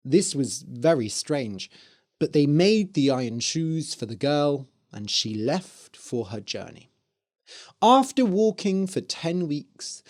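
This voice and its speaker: A storyteller reading a fairy tale aloud slowly for English learners. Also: medium pitch. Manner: slow, clear, expressive. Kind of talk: scripted narration for English learners.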